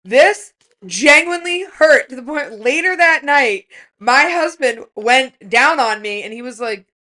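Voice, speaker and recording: A woman's voice: high voice, animated, measured pace, pushed and bright. A middle-aged woman telling frank, profane stories on a podcast, blunt and often laughing as she talks. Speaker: podcast guest. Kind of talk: casual chat.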